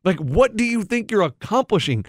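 A man co-hosting a casual podcast chat, telling an animated story and acting out the people in it. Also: high-pitched, moderate pace, no room sound, studio quality. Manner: animated storyteller, acts out quotes.

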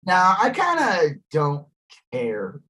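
A man co-hosting a podcast in casual chat, rambling and animated, swearing freely and mimicking posh voices. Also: on the high side, slow pace. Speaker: podcast co-host.

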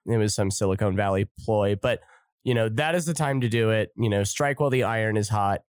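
A man's voice: lowish voice, a little fast, clean tone, no room sound. A man hosting a podcast, delivering a sarcastic, flippant, profane comedic monologue. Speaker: podcast host.

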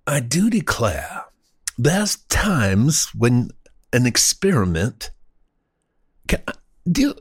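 A man putting on the voice of a pompous, old-fashioned gentleman with ornate, drawn-out formal phrasing. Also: medium pitch, sing-song, husky, dry recording, clean studio sound, exaggerated voice.

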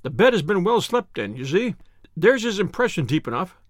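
A man's voice: high-pitched, sing-song, brisk, no room sound, clean studio sound. A man voicing a hearty, blustering male police inspector who speaks emphatically. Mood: reporting.

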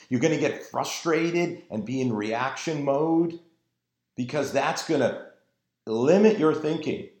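A man preaching a sermon in an earnest, emphatic way, drawing out his phrases. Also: mid-range voice. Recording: roomy echo.

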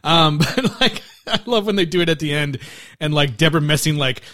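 A man's voice: fairly high pitch, brisk, pushed and bright. A man co-hosting a casual podcast, laughing often and acting out movie scenes with silly voices. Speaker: podcast co-host. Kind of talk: casual movie review chat.

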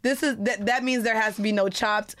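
A young woman co-hosting a podcast with a blunt, profane edge. Her voice is somewhat high. She reacts with dry, wry remarks. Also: fairly even intonation, brisk, a bit bright. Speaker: podcast co-host. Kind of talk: casual chat.

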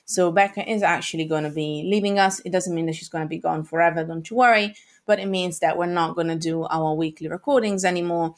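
A woman's voice: fairly low pitch, fairly even intonation, a little fast. A woman hosting a podcast, chatting in an upbeat, rambling way with restarts, tired and over-caffeinated. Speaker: podcast host. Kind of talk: casual podcast chat.

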